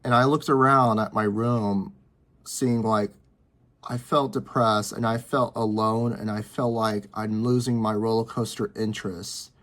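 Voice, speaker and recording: A man in his early twenties talking to camera from his bedroom, rambling and repeating himself with halting restarts. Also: lowish voice, steady tone, fairly bright tone. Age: 20s. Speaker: vlogger. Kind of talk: personal talk to camera.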